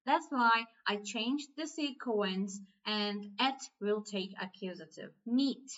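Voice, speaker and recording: A woman with a Turkish accent gives a language lesson at an unhurried pace, pausing often and repeating each phrase. Her voice sits at a middle pitch. The recording sounds somewhat dull and lo-fi. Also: animated, fairly bright tone. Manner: slow, patient, repeats phrases. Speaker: Turkish teacher.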